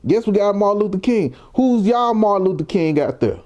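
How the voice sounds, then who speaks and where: A man's voice: high-pitched, animated, a little fast, a little mellow. A young man from Mississippi, giving heated, provocative reaction commentary full of rhetorical questions. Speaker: commentary vlogger.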